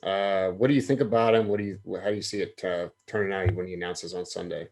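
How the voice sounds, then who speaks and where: A man hosts a casual sports podcast in an easygoing way, steering the chat with loose questions. His voice sits a little low. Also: fairly even intonation, fast, darkish tone. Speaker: podcast host.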